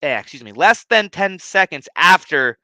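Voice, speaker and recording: A man's voice: a little high, sing-song, normal speed, bright, forceful tone, dry recording, poor audio. A man hosting a casual home podcast, telling a rambling, profanity-heavy story full of fillers. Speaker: podcast host. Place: his living room at home. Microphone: streaming setup.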